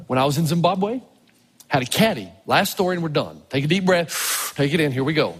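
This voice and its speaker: A male pastor preaching a storytelling sermon, animated, swinging from low murmurs to loud exclamations, with a husky voice. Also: a little fast. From Tennessee. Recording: long reverb of a large hall.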